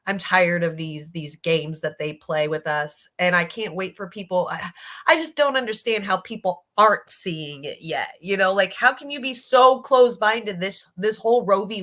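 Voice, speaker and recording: A woman's voice: on the low side, bright, forceful tone. A woman hosting a casual political livestream, talking bluntly and profanely, exasperated as she reads viewer comments aloud. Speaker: streamer host.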